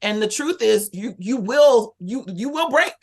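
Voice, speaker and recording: Candid, animated woman telling a story. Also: fairly high pitch, measured pace. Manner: animated, candid, lively retelling with quoted inner thoughts. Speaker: guest. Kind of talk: casual conversational storytelling.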